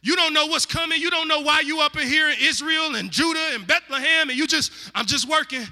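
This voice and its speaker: A male preacher giving a comic, animated sermon, full of slang and shouted punchlines. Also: very high voice, fairly quick. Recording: echoey hall.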